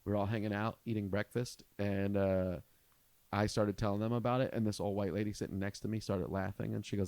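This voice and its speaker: A man in his thirties, a comedian hosting a podcast, telling a profane family story in an animated way. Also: on the low side, a little fast, no room sound. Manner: animated, profane, rising to shouts at the punchlines.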